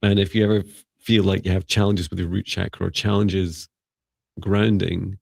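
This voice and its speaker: Deep gravelly male psychic mentor. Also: level tone, normal speed, no echo. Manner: gentle, rambling advice with many fillers. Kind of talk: live-stream psychic reading.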